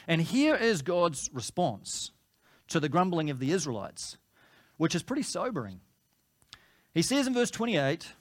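Man, pastor, chatty sermon, fairly high voice. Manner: conversational, rises and presses when voicing complaints.

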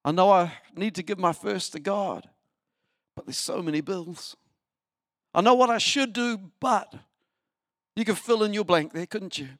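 A man preaching a sermon as pastor, animated, asking the listeners rhetorical questions. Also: sits high, unhurried, pauses often, no echo, clean studio sound. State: short on sleep.

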